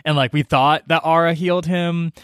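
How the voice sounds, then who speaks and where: A man co-hosting a casual podcast, adding relaxed, wry asides and quick agreement to a book recap. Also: a little high, clean tone, dry recording, clean studio sound. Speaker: podcast co-host.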